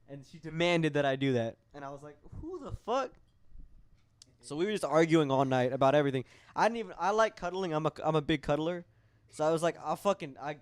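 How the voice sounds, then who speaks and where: A young man on a casual podcast, telling his side of a story in a profane, emphatic, indignant way. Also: fairly high pitch. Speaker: podcast guest.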